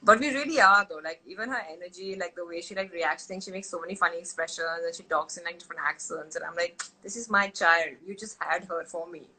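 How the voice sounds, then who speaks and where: A young adult woman chatting casually as an interview guest, telling animated stories and slipping into quoted voices. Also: lowish voice, fast, hardly any pauses, breathy edge, rough recording. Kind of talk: casual chat.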